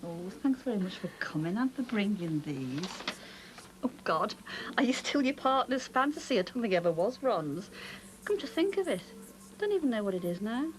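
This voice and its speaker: A woman's voice: medium pitch, sing-song, normal speed, a little hiss or hum, lightly acted, low-quality recording. Actress as a weary middle-aged mother. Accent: Northern English. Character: tired, low-spirited middle-aged mother.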